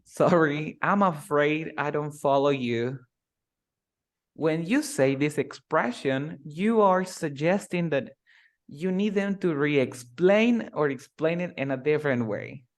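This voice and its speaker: A man teaching English, who slows down to drill phrases and then speeds up to explain. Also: fairly high pitch, lively intonation. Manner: switches between slow drilled phrases and fast explanations. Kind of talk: live online English lesson.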